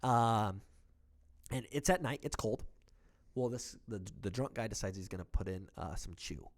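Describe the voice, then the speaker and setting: A man with a voice on the low side co-hosts a casual podcast at a moderate pace. He tells a heated story packed with swearing and acted-out quotes.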